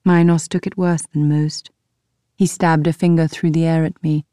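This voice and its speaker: Low-voiced woman narrating an audiobook. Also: flat delivery, normal speed, warm tone, dry recording, studio quality. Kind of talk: scripted first-person audiobook narration.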